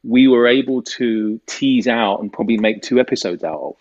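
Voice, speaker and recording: A British actor from the United Kingdom, giving an interview and telling stories in a rambling way, with many fillers. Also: male voice, mid-range voice, moderate pace, muffled recording. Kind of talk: casual interview talk.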